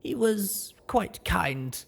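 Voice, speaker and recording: Male reader doing a high, altered-voice ghoul maid; timid, prim, apologetic in the audiobook. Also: expressive, extremely slow, vocal fry, full character voice. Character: timid, proper ghoul pegasus maid, female. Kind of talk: audiobook reading.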